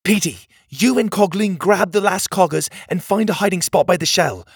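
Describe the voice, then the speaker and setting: A man's voice: high-pitched, normal speed, gravelly, husky, no room sound, clean studio sound, pitched above the performer's own voice, full character voice. A man voicing a plucky young male adventurer who boldly gives orders and taunts his enemies. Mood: determined.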